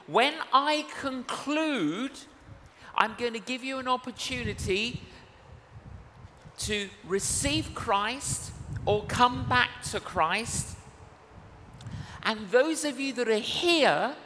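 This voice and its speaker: A male evangelist preaching a sermon in a church service, earnest and unhurried, acting out dialogue in his stories. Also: very high voice, sharp tone. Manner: slow, earnest, acts out dialogue in anecdotes. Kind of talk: sermon with storytelling. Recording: reverberant church hall with faint noise.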